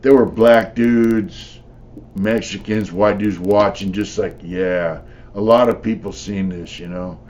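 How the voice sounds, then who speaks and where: A man's voice: fairly low pitch, fairly even intonation, slow, darkish tone. Blunt, profane older man telling stories. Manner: blunt, profane, rambling with frequent "you know". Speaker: former prisoner telling stories. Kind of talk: casual storytelling.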